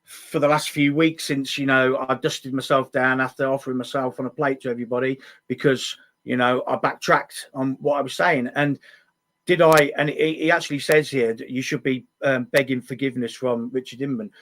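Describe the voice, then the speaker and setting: A man's voice: mid-range voice, steady tone, normal speed, fairly bright tone. A man hosting a live stream, talking bluntly with many restarts and the odd swear word. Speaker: livestream host. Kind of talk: casual live chat.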